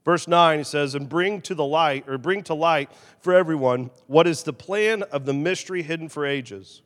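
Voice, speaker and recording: A man preaching a sermon as pastor, animated, swinging between loud emphasis and quiet, confessional asides. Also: a little high, moderate pace, in a large hall.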